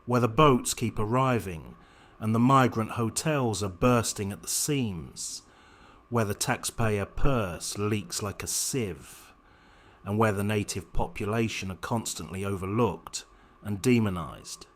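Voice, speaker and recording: Guy with a lowish voice reading commentary, measured and kinda sarcastic. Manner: measured, pointed, sardonic delivery. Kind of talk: scripted political commentary narration.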